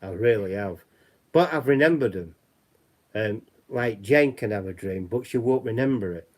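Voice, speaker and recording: A man's voice: fairly low pitch, lively intonation, moderate pace. A man with a Yorkshire accent chatting casually as a livestream host, rambling and repeating himself. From West Yorkshire, England.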